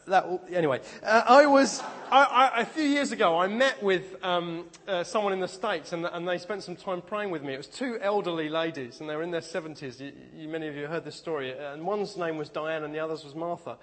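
A man's voice: sits high, fairly quick, a bit bright, long reverb tail. A man preaching a sermon, telling personal stories with self-deprecating humor and stop-start phrasing. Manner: speaks in bursts with repeated restarts.

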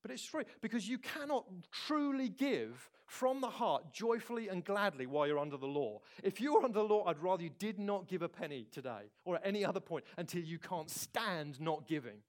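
A man preaching a sermon, swinging between loud bursts and quiet, low asides. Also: lively intonation, brisk, few pauses. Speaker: pastor.

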